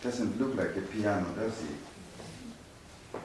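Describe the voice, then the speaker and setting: A man's voice: lowish voice, big pitch swings, slow, darkish tone, slight background noise. A man, a Shona speaker, patiently teaching a music workshop and leading the group in repeating words after him. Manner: patient, demonstrative, leads group repetition. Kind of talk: teaching a workshop with call-and-response. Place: workshop room. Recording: echoey room from a distance.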